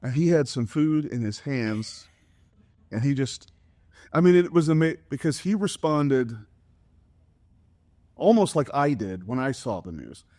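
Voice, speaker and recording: A middle-aged man telling a family story on a podcast, with lively pitch jumps whenever he quotes someone. His voice sits in a middle register and sounds close and dry, with no room echo. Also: unhurried, long pauses. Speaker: podcast co-host, father. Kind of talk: casual storytelling chat.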